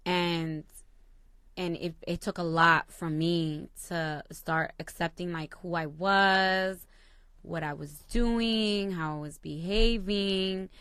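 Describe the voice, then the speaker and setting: A young adult woman co-hosting a casual chat, telling stories in an animated way and swearing freely. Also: fairly low pitch, slow pace, smooth, no echo. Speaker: co-host.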